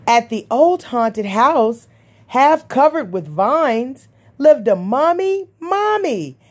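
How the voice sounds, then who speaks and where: A woman reading a rhyming picture book aloud in a sing-song rhythm. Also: darkish tone. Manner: sing-song rhythm, jumping high for the creature calls. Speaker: storybook reader.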